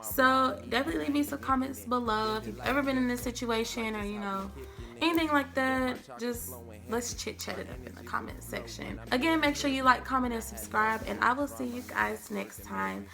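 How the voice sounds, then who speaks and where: Animated young woman telling a storytime. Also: on the high side, moderate pace, creaky. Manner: animated, dramatic, acts out quotes. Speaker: vlogger. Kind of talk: storytime vlog. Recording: faint background music.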